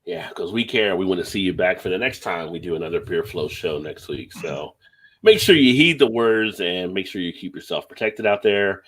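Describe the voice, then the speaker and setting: A man's voice: deep voice, lively intonation, normal speed, a bit bright, breathy edge. A man hosting a live stream, chiming in with short, laid-back remarks. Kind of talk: casual chat.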